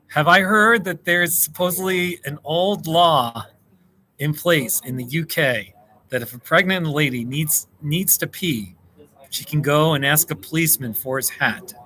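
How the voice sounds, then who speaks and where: A man's voice: on the high side, unhurried, pushed and bright, slight background noise, low-quality recording. An American man hosting a casual live stream, chatting and reacting to viewer comments with frequent laughs. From United States. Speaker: livestream host. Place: indoors, seated at a table.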